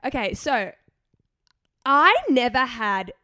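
Young aussie woman gabbing on a podcast, highish voice, dry close sound. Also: lively intonation, slow pace, sharp tone, dry recording. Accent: Australian. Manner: chatty, playful, full of "like". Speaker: podcast co-host. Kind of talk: casual chat.

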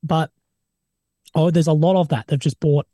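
A man's voice: on the high side, normal speed, no echo. A young Australian man, an army veteran guest, talking casually and swearing often as he acts out what other people said. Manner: swears a lot, animated retelling of others' words. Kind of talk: casual interview talk.

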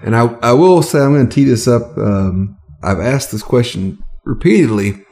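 A man's voice: mid-range voice, animated, normal speed, darkish tone. A man from the American South co-hosting a casual whiskey tasting, easygoing and joking, with hesitant restarts.

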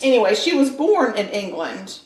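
A woman's voice: mid-range voice, big pitch swings, normal speed, a little mellow, roomy sound, rough recording. A middle-aged woman co-hosting a podcast, chatting casually and telling a true-crime story with a playful, joking manner. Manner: playful, jokey, teasing. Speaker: podcast co-host.

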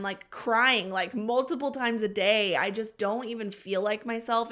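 A woman's voice: fairly high pitch, fairly bright tone. A woman, hosting a faith-based podcast and talking earnestly and heartfelt, close to tears. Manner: earnest, heartfelt, confessional, addresses listeners as y'all and friend. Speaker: podcast host.

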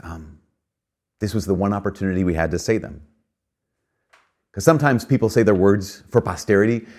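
A man's voice: deep voice, a little mellow. A man giving a reflective spoken talk, earnest and conversational, with frequent fillers and emphatic rises.

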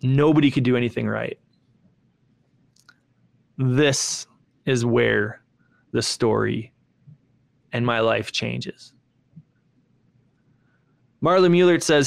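A man giving a motivational talk and telling a personal story in an animated way, with sharp jumps in pitch. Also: unhurried, vocal fry, pauses often. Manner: animated, swings pitch up sharply when acting out his younger self. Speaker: speaker.

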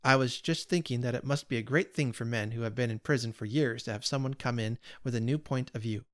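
A man's voice: mid-range voice, a little fast, natural voice. A man reading aloud, voicing a talkative, earnest male burglar who pleads and explains himself with odd cheer. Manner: earnest, pleading, lightly pompous.

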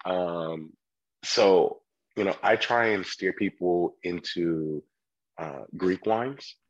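Husky, low-voiced man telling stories. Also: slow, highs cut off. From California. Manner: animated storyteller, acts out customers' voices. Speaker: sommelier guest. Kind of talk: casual chat.

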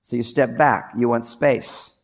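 An older man with a gravelly voice gives a lively comic talk about relationships. He acts out the quotes in his stories for a live audience. The pitch sits in an everyday middle range. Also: unhurried. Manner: animated storytelling, acts out quotes, audience laughter. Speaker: relationship author giving a talk. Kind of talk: comedic stage talk.

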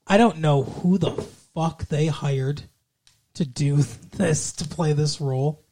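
A man's voice: on the high side, slow, warm tone. A man co-hosting a podcast, recapping a TV episode in sarcastic, profane, jokey chat. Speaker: podcast co-host.

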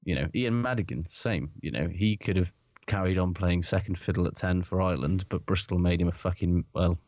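A man's voice: deep voice, fairly quick, darkish tone, no echo, dull audio. A man co-hosting a podcast, chatting casually about sport, rambling, swearing and laughing often. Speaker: podcast co-host.

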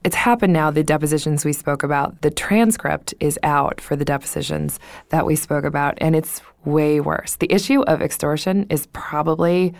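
Brief: young woman podcast co-host, lowish voice, frank and profane, dry close mic. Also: moderate pace, gravelly, no room sound. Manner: blunt, profane, laughs often, animated retelling. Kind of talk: casual chat.

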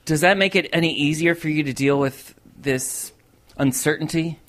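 A man's voice: on the high side, normal speed, fairly bright tone. A man interviewing a guest and prompting him with short, encouraging questions. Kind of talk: casual interview.

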